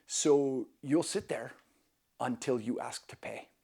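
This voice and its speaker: Man, travel vlog host; gravelly, fry-edged voice, mid pitch; upbeat, self-deprecating chat. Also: slow pace, mellow. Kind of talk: casual travel tips talk.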